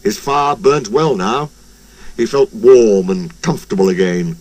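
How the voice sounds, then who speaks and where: A man narrating a children's story in a slow, highly animated storytelling manner.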